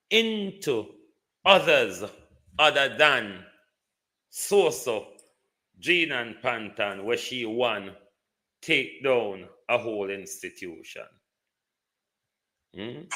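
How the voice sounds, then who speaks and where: With a Jamaican accent, a man delivers live political commentary in a pushed, bright, mid-range voice. He's taunting and rhetorical, often tossing in a "hmm?"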